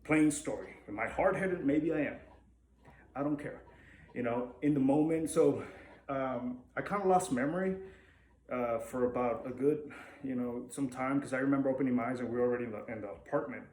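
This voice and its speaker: A man's voice: medium pitch, a little fast, darkish tone. Young man from Mexico, frank vlog storyteller with lots of restarts, recorded in a reverberant room. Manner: candid, swears freely, rambling with restarts. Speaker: vlogger. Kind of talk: casual storytelling to camera. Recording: echoey room with faint ambience.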